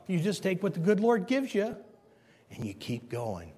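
High-voiced preacher in echoing church. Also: male voice, wildly swooping pitch, normal speed, darkish tone, slightly rough. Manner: storytelling, emphatic, repeats key points. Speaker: pastor. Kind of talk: sermon.

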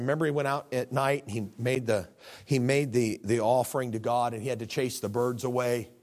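A man preaching a sermon, animated, acting out scripture scenes with voices. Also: mid-range voice.

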